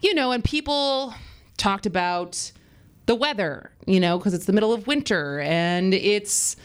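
A woman hosting a talk radio show, her pitch leaping up and down as she chats. She talks quickly and eagerly, tossing questions back at her guest. She sounds like she's speaking into a studio microphone. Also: smooth. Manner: chatty, quick and animated. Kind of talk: casual radio interview.

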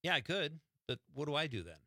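Guy hosting a radio show, teasing banter, bright and lively, dry studio mic. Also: fairly high pitch, quick pace, no room sound. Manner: joking, teasing. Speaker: radio host. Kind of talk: casual radio chat.

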